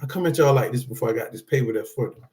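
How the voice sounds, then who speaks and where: Speaking rapid-fire in a medium-pitched, darkish voice, a man addresses viewers as a support group speaker. He sits indoors reading from notes to camera, delivering a casual motivational talk that wanders loosely and is dotted with check-ins such as "all right?"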